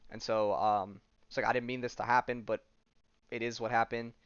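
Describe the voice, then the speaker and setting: A man's voice: mid-range voice, flat delivery, normal speed, fairly bright tone, smooth, no room sound, highs cut off. A man casually retelling a comic book story on a podcast, rambling with lots of fillers. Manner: rambling, full of "she's like" and fillers. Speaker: podcast host.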